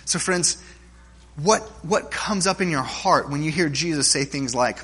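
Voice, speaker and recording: A man's voice: fairly high pitch, a little slow, fairly bright tone, breathy edge. A man preaching a sermon to his congregation, conversational and joking, often checking in with "right?" and restarting his phrases. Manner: humorous stories, frequent restarts. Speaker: pastor.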